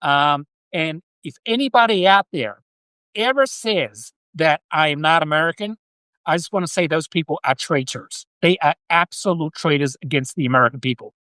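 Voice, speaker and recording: A man's voice: fairly high pitch, bright, forceful tone, no room sound. An Australian man doing a put-on American accent that sounds Southern, playing a patriotic American, hesitant with fillers. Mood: proudly patriotic. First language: Australian English. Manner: hesitant, repeats "um", slightly slow.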